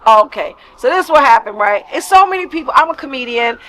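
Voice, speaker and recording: Middle-aged New York woman, comic storyteller; high and lively, light background noise. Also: quick pace, rough recording. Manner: animated storytelling, acts out quoted voices. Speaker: comedian guest. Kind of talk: casual podcast chat.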